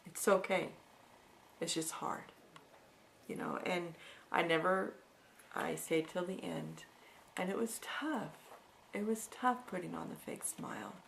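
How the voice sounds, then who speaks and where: A middle-aged woman speaks in a low, gravelly voice, earnest and reflective as she talks through her own past. She often stops and restarts her sentences. A faint hiss sits under her voice. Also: measured pace, pauses often, a bit bright. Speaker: vlogger sharing personal experience. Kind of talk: candid personal talk.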